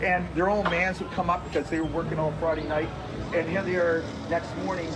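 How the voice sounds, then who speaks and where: A man's voice: a little high, flat delivery, brisk. A middle-aged man reminiscing casually, rambling and restarting his words. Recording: noisy, busy background.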